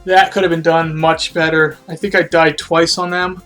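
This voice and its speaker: Rambling man streaming a game, slightly high voice. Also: little pitch movement, normal speed, a bit bright, soft background music. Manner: rambling, self-critical, trailing off. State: out of breath. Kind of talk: casual live-stream commentary.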